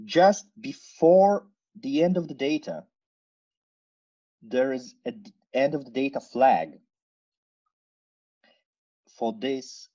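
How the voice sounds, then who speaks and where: A man walks through a technical demo at a slow, unhurried pace, stopping often on fillers. His tone stays casual, with playful asides along the way. The sound is dull and lo-fi, like a remote recording. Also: on the low side, mellow. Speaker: conference speaker. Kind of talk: technical screen-share talk.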